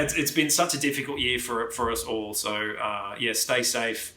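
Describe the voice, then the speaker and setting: Brief: Australian male author, bright forceful voice, reads his adventure novel aloud, echoey room. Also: mid-range voice, moderate pace, few pauses. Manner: lively first-person reading, then chatty with many fillers. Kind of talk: reading his novel aloud, then casual thanks.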